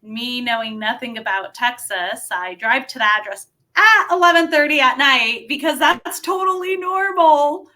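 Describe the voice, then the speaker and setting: A woman wrestler telling a story casually as a podcast guest, animated and laughing, with lots of filler words. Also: high voice, normal speed, hardly any pauses.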